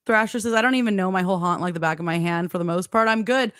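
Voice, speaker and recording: A woman hosting a casual live-stream chat, upbeat and quick to laugh, reading out viewer comments. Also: mid-range voice, no room sound, clean studio sound. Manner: upbeat, laughs often, short reactions.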